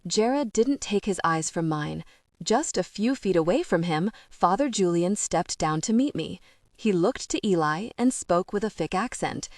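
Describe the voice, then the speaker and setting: A woman reading a first-person romance audiobook, telling the story in a gentle, even way on a close microphone. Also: fairly low pitch, measured pace, dry recording. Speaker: audiobook narrator.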